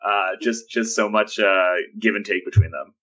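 A man's voice: fairly low pitch, normal speed, pushed and bright, highs cut off. A man on a podcast panel, chatting casually, thoughtful and hesitant with fillers. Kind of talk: casual discussion.

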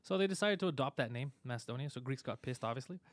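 A man hosting a live show, giving a fast, opinionated rant full of swearing. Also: mid-range voice, lively intonation, no echo. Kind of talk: casual live-stream chat.

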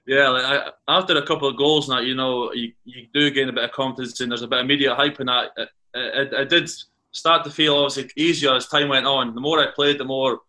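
Fast, bright-voiced Scottish man telling stories. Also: mid-range voice, steady tone. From Carnoustie, Scotland. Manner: rambling, repeats words and restarts, storytelling. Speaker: guest, former footballer. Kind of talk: casual podcast chat, anecdotes.

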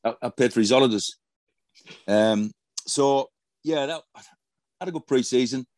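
A man's voice: medium pitch, moderate pace, darkish tone, no echo. A middle-aged man, a former footballer telling profane anecdotes in a casual interview. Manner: profane, storytelling, swears constantly.

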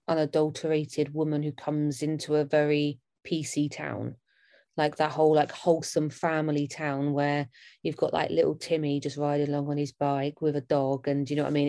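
A woman co-hosting a casual film review chat, relaxed and chatty. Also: deep voice, dry recording, clean studio sound. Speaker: podcast co-host.

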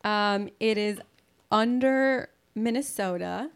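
A woman's voice: medium pitch, slow, clean tone. A woman with a Californian Valley Girl accent, co-hosting a podcast in casual, rambling chat full of fillers. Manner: chatty, filler-heavy, rambling. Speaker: podcast co-host.

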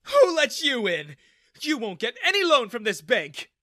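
A man voicing an arrogant male bank employee who shrieks and yells orders. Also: wildly swooping pitch, measured pace, no echo, clean studio sound, heavily acted. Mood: furious. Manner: shrill, screaming orders.

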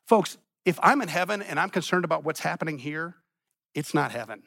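A man with a high, bright voice preaching a sermon in church. He repeats phrases for emphasis and moves between loud and quiet passages. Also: animated, a little fast, vocal fry. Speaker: pastor.

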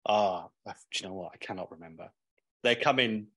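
A man's voice: sits low, fairly quick, pushed and bright. A man, a clothing brand owner guesting on a podcast, talking bluntly in casual chat and swearing freely.

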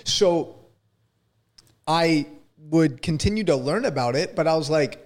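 A man in his thirties hosting a casual interview, relaxed and slangy, sharing his own story. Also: fairly high pitch, unhurried. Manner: relaxed, laid-back slang, affirming. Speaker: podcast host.

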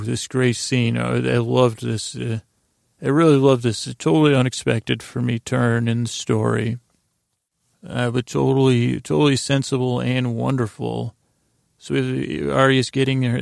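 Male podcast host, very gravelly, monotone, rambling recap style, dry booth sound. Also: medium pitch, no echo. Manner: rambling, reads from notes with restarts. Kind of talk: casual episode recap.

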